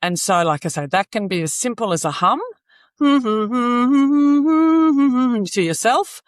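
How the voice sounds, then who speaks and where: A woman, a guest on a podcast, explaining earnestly with frequent "you know" fillers and soft laughs. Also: fairly low pitch, lively intonation, fairly quick, no room sound. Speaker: singing advocate guest. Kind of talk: podcast interview.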